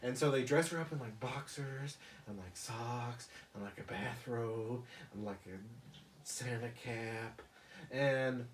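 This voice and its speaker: A man's voice: medium pitch, takes it slowly, reverberant, far from the mic, slight background noise. A man casually retelling a cartoon episode for friends, crude and rambling. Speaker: storyteller among friends. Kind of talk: comic retelling with voices.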